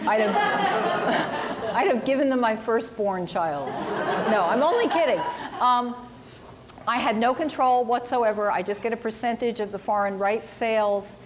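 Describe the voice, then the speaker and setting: A woman novelist answers questions at a university seminar in a loose, chatty way. She is wry and self-mocking and slips into little voices for the people she quotes. A faint hiss sits under the recording. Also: medium pitch. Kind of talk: casual talk answering audience questions.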